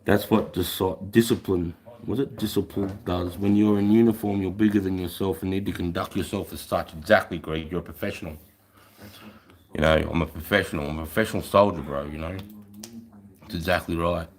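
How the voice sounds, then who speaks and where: A man's voice: low voice, fairly even intonation, brisk. A middle-aged Australian man, a former soldier, telling blunt, profane stories in casual podcast chat. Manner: blunt, heavily profane storytelling.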